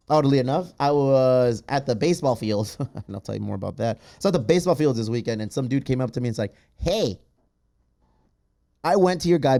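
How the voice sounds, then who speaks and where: A man hosting a podcast in casual chat, reading out patron names in a loud, playful way with plenty of swearing. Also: mid-range voice. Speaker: podcast host.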